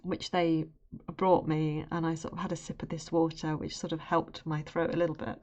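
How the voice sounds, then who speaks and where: Lively woman telling a story. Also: sits low, moderate pace, lo-fi sound. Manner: animated, laughs while telling. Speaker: art streamer. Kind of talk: casual storytelling on a live stream.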